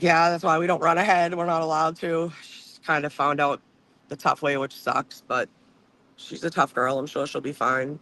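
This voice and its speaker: A man's voice: a little high, vocal fry, pushed and bright, low-quality recording. A man chatting casually to his stream viewers from his car on a phone. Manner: chatty, rambling, swears. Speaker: livestream host. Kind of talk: casual chat while driving.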